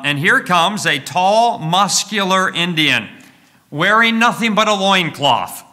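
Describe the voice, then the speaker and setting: A man with a slightly high, very bright and sharp voice retells a story to his congregation as a sermon. He talks in an animated way, full of fillers and restarts, and keeps asking his listeners questions.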